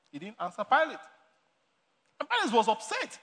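A man's voice: very high-pitched, very animated, brisk, fairly bright tone. A man preaching a sermon, telling stories with frequent laughter and repeating his main points. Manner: storytelling with laughter, repeats key lines. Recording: long hall reverb.

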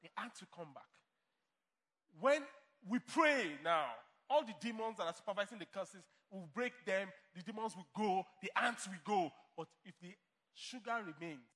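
A man's voice: sits high, lively intonation, normal speed, a bit bright, long reverb tail. A man preaching a sermon as pastor to a church congregation, emphatic and playing out imagined replies. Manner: emphatic preaching, mock dialogue.

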